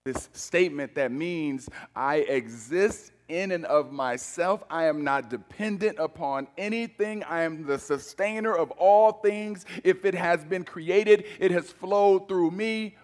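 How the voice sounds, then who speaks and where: A male pastor preaching in a large church hall, his voice trailing off into a long reverb. He speaks slowly and deliberately, with a somewhat high voice, and drops suddenly to a hush for weight before rising again to press a point. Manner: dramatic shifts between loud emphasis and hushed low delivery. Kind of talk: sermon.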